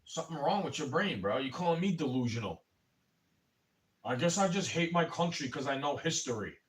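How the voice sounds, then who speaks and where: Ranting man, somewhat high voice, off-mic. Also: animated, a little fast, slight background noise. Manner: rambling and profane, keeps saying "bro"; angry, rising to shouting in bursts. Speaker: livestreamer. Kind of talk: ranting livestream monologue. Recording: voice a bit far from the mic.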